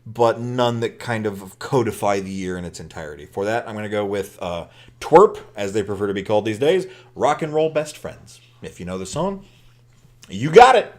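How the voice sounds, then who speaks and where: Man, low voice, lively pitch, casual podcast co-host, jokey. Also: moderate pace. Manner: animated, laughs often, joking. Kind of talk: casual chat.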